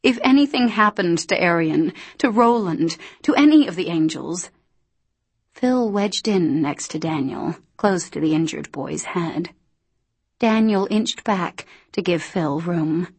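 A woman reads a novel aloud in a steady, deliberate way. Her voice is fairly low and breathy, and she takes her time. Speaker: audiobook narrator. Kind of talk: scripted narration.

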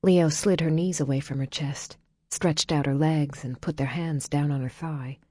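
Low husky woman narrating an audiobook. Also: fairly even intonation, normal speed, warm tone, no echo, clean studio sound.

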